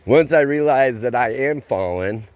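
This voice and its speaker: A man drawls through a long story from his roofing work, taking his time and using loose everyday slang. His voice sits at an ordinary pitch. The sound is dry and close, with no room echo. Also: animated. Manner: slow, rambling delivery with plain spoken slang. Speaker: roofer telling a work story. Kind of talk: casual storytelling vlog.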